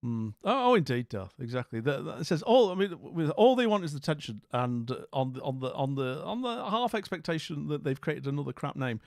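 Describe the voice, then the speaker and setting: A man's voice: on the high side, very animated, fairly quick, vocal fry, few pauses, no room sound, studio quality. A middle-aged man with a Scottish accent hosting a livestream, chatting casually, telling a story and reading chat aloud. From Scotland. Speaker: livestream host.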